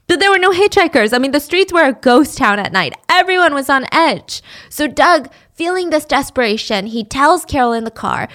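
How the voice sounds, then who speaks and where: A woman's voice: high-pitched, expressive, moderate pace, few pauses, fairly bright tone. A young woman telling a true-crime story casually, with chatty, sarcastic asides.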